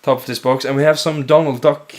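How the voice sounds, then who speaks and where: A man's voice: mid-range voice, little pitch movement, a little fast. A young man chatting casually while playing a video game, rambling with frequent restarts. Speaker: let's play host. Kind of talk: casual gaming chat.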